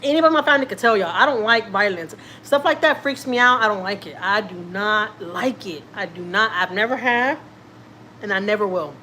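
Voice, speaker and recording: A woman's voice: medium pitch, animated, quick pace, bright, forceful tone, slight background noise. A woman, a family vlogger, telling a personal story casually and acting out what people said, repeating herself often. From Houston, Texas. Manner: chatty, repeats herself, acts out quotes.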